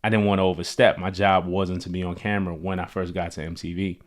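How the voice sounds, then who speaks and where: A man hosting a show, telling personal stories in a relaxed, loose way, full of "like" and "you know.". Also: sits low, fast. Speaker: host. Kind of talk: casual storytelling.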